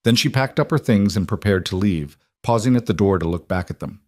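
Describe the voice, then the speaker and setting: A man narrating a western story in a steady, measured manner. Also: lowish voice, no room sound, clean studio sound.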